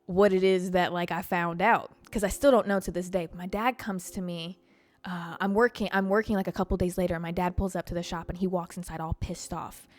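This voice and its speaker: A young adult woman hosting a podcast, telling a story in a casual, profane and animated way, acting out the voices of people in it. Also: mid-range voice. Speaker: podcast host.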